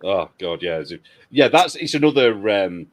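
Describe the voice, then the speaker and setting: A man's voice: fairly low pitch, very animated, moderate pace. A man from the UK co-hosting a casual chat podcast, blunt and opinionated. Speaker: podcast co-host.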